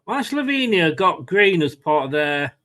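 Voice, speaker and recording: Male fan host, rambling play-by-play mixed with chat to viewers, voice pitched a touch high. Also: sing-song, measured pace, fairly bright tone. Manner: chatty, rambling, answers viewers' comments by name. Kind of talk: casual live match watchalong commentary.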